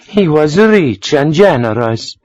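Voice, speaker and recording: High playful pouty young woman, as a guy reading a novel puts her on, teasing, dry close sound. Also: big pitch swings, slow pace, a little mellow, no room sound, muffled recording. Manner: pouting, playful.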